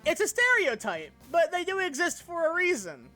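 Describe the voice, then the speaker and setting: A woman streaming a game, chatting casually and swearing freely as she tells animated stories. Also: very high voice, moderate pace, soft background music. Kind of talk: casual gaming stream chat.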